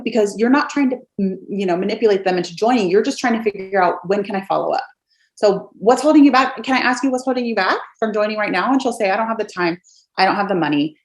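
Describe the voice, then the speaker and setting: A woman's voice: medium pitch, roomy sound. A woman in her thirties coaching her sales team in a casual, upbeat way, acting out sample messages from her home office. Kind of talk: casual coaching talk to camera.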